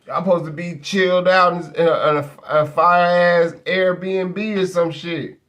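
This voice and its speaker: High-pitched man ranting bluntly. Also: flat delivery, a little slow, fairly bright tone, lo-fi sound. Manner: blunt, rambling, heavy slang and cursing. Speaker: host. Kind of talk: casual profane rant.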